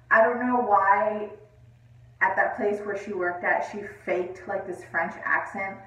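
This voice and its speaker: A woman's voice: lowish voice, fairly bright tone. A woman casually reviewing a film in a rambling, profane way, full of fillers like "like". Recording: echoey distant lo-fi room sound.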